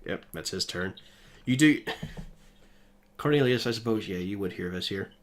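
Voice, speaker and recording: A man running a tabletop game as game master, calling hits and describing combat in a relaxed way. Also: on the low side, moderate pace.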